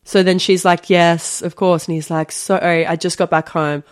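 A young woman recounting a tale on a chatty podcast. Her voice sits a little low, and her delivery is animated and full of fillers. She breaks into laughter now and then. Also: normal speed. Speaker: podcast co-host. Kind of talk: casual storytelling chat.

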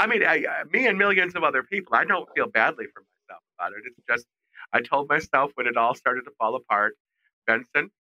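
A middle-aged man, a fashion designer, telling animated stories as a guest in a podcast interview. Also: medium pitch, no echo, muffled recording. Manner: animated, expressive storyteller. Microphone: remote call mic.

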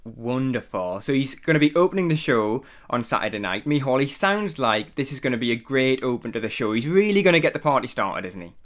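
A man hosting a podcast, prompting his guests in an upbeat, animated way. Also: mid-range voice, a little fast, few pauses. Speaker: podcast host.

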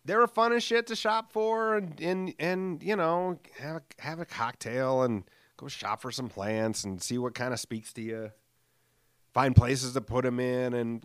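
Recorded dry and at studio quality on a studio microphone, a medium-pitched man in his late thirties hosts a solo podcast. He rambles casually, swearing, leaning on fillers and mocking himself in jest.

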